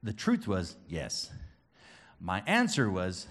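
A man preaching a children's church sermon, booming and playful with the kids, then dropping soft and earnest. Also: big pitch swings, moderate pace. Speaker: children's pastor.

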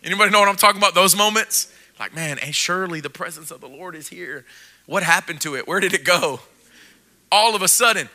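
A male pastor delivers a sermon in a high, strikingly bright voice. He is playful, acting out the scene in put-on voices before turning quietly intense. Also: fairly quick.

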